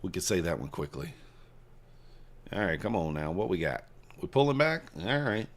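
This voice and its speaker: A man hosting a trading livestream, casually reading and answering viewer chat while he trades, swinging between hyped shout-outs and quiet muttering. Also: low-pitched, moderate pace. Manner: hypes viewers, reads chat aloud, shifts from excited shouts to mumbling. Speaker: livestream host, futures trader.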